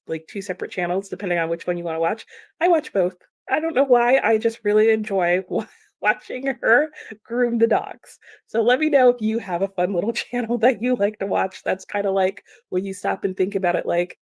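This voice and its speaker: A woman's voice: mid-range voice, no echo, studio quality. A young woman with an American accent, hosting a casual livestream and chatting with viewers, laughing often as she reads their comments. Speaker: livestream host reading chat.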